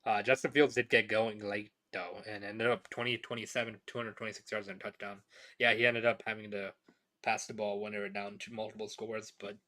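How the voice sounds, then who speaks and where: A man hosts a relaxed sports podcast from home, rambling through recaps with frequent fillers and false starts. His voice sits a touch low in pitch yet has a bright, forward edge to it. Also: fairly quick. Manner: rambling, many fillers and restarts. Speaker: podcast host. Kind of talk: casual sports talk.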